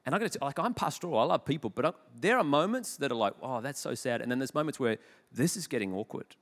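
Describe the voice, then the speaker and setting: A man, preaching a sermon. He tells stories in an animated, jokey, self-deprecating way, with sudden loud bursts. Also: mid-range voice, quick pace. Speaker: pastor. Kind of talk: sermon with storytelling. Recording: long hall reverb.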